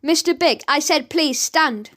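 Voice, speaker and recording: A woman voicing a stern male courtroom judge who speaks slowly and commandingly. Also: high voice, a bit bright. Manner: slow, commanding.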